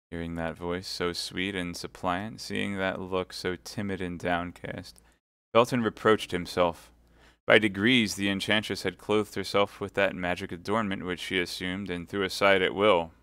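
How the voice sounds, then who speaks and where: Man with a low smooth reading voice. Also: a bit bright, no echo. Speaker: audiobook reader. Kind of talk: live reading of a classic novel.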